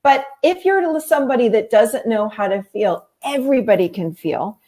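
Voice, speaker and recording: A woman therapist and life coach explaining in a relaxed conversational way, telling lively stories and acting out the voices of people she quotes. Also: on the high side, normal speed.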